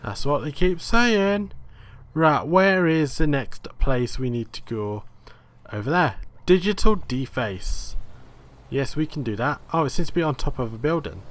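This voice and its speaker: A man's voice: a little high, expressive, unhurried. A man hosting a gaming video, casually commenting as he plays and thinking aloud in a rambling way. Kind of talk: let's play commentary.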